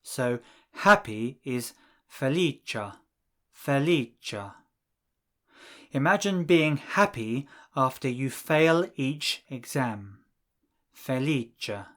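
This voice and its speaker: Male lesson narrator, slow, deliberate delivery, middle pitch. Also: lively intonation, bright, forceful tone. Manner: slow and deliberate, spelling out words for learners. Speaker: language course narrator. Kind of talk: scripted instructional narration.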